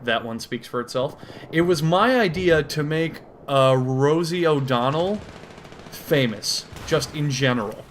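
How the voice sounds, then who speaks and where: A man giving a deadpan, absurd comedic monologue, swearing and rambling as he comments over a game. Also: fairly high pitch, a little slow, a little hiss or hum. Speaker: gaming commentator. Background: faint gunfire from a shooter game.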